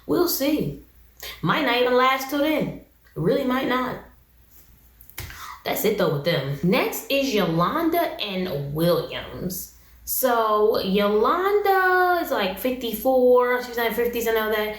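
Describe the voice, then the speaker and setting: Woman, sassy reality-show review vlog, lively pitch, slightly high voice, echoey room. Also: slow. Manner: sassy, animated, exclamatory. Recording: roomy echo.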